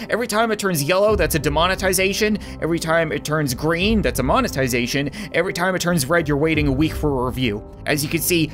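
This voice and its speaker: A man's voice: fairly high pitch, fast talker, hardly any pauses, a bit bright, faint music behind. A man giving sarcastic, jokey commentary while playing a video game. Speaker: gaming YouTuber. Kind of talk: let's play commentary.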